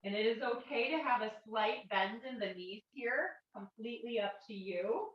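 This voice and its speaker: A woman teaching a kids and parent yoga class, guiding poses in a gentle, encouraging way with playful animal sounds. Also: fairly high pitch, normal speed. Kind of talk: guided yoga class instruction. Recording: roomy, distant, dull lo-fi sound.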